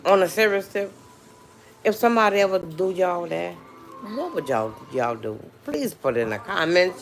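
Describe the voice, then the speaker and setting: This woman's voice sits on the low side, and there's a slight hiss or hum. She's a livestream host from New Orleans, Louisiana, drawling in the local accent, peppering her casual chat to viewers with mm-hmms.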